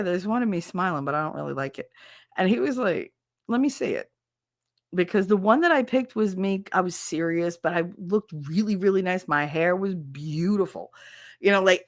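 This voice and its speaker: Expressive and medium-pitched, this woman speaks at a moderate pace in a clean studio recording with no room sound. She's in her thirties, livestreaming and chatting with viewers as a storyteller who swears freely and laughs often.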